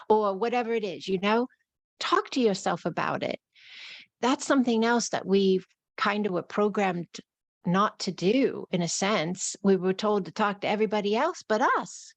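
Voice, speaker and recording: A woman's voice: medium pitch, lively intonation, normal speed, no room sound. A woman with a New York accent giving a live-streamed spiritual talk in flowing, repetitive phrases. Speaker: spiritual teacher.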